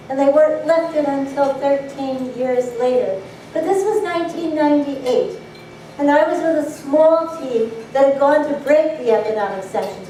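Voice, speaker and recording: A woman giving a public address, telling stories in an earnest, measured way, recorded from far off in an echoey hall. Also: high-pitched, warm tone, slight background noise. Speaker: speaker. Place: banquet hall.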